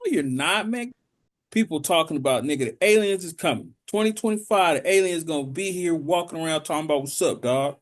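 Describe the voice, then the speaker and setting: Fairly quick and lively, his slightly high voice carries a relaxed podcast conversation as he co-hosts, telling crude anecdotes peppered with silly character voices.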